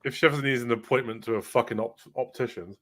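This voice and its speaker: A man's voice: medium pitch, fast talker, a bit bright. A man hosting a gaming podcast, joking crudely and bantering with his panel. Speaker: podcast host. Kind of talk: casual chat.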